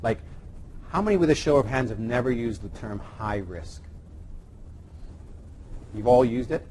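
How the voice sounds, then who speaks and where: A man's voice: medium pitch, lively intonation, a little slow, a little mellow, a little hiss or hum. A man teaching a live class on evidence-based medicine, chatty and teasing with his co-presenter. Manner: jokey, teasing, conversational. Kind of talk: live teaching session with banter.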